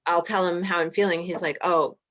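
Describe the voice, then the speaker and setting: A woman's voice: fairly low pitch, steady tone, fast, a bit bright. A woman hosting an interview, talking in a chatty way and sharing personal anecdotes with frequent fillers. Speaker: podcast host. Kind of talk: conversational interview.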